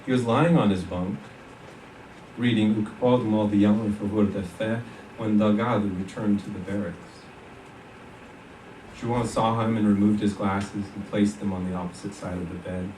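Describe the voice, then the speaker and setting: A man reads his own fiction aloud at a conference with a steady, even delivery. His voice is fairly low and lands from a distance. A roomy echo and faint background hum fill the space. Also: moderate pace. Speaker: author reading his fiction. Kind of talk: literary reading. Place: conference reading room. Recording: echoey hall from far off.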